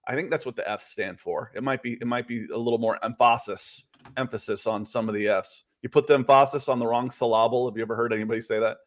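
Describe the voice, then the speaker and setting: A man co-hosting a casual sports podcast, chatty and animated, often repeating words as he talks. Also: lowish voice, fast talker, few pauses. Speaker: podcast co-host.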